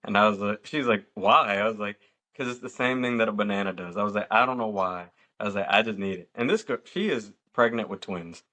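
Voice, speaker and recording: A man in his mid-thirties hosts a relaxed podcast conversation. He has a bright, forceful tone sitting a little low in pitch, and he tells stories animatedly, acting out what people said. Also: fairly quick. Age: 30s. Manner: animated storyteller acting out quotes. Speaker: podcast host. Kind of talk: casual chat.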